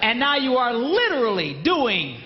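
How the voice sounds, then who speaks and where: High, lively man joking to a hall. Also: moderate pace, very noisy. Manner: playful and animated, mimics a bell sound. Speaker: speaker addressing an audience. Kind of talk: humorous live talk to an audience. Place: large hall with a live audience. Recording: dull, roomy hall recording.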